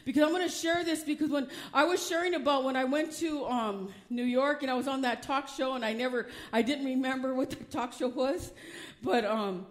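A woman's voice: sits high, brisk. An older woman preaching a fervent sermon. She reads scripture aloud, stumbles over some words, laughs often and drives her points home with emphasis.

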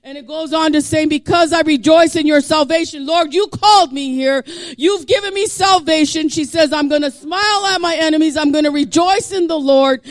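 A male pastor preaching a sermon, reading scripture aloud and breaking into passionate, shouted exhortation. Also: very high-pitched, normal speed, no room sound. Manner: impassioned, builds to shouting.

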